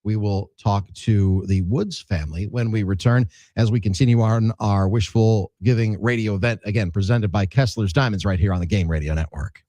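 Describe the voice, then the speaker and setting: A man's voice: lowish voice, moderate pace, hardly any pauses, mellow. A man co-hosting sports talk radio in a studio, trading wry jokes and reading sponsor plugs in a casual way. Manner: joking, wry asides.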